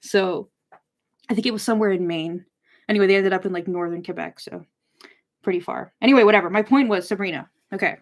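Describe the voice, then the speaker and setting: A woman's voice: fairly low pitch, fairly even intonation, a little fast, long pauses, a little mellow. A woman hosting a casual book discussion, chatting loosely with viewers and filling her sentences with "like" as she rambles. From North America. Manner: rambling, many "like" fillers. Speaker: host of a book discussion channel. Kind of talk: casual livestream chat, replying to viewers.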